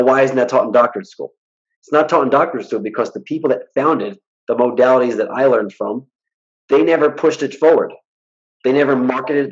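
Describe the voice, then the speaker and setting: Man, blunt and animated, storytelling in an interview, muffled lo-fi sound. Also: medium pitch. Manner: blunt, animated storyteller who acts out quoted dialogue. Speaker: hypnotist guest. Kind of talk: casual interview talk.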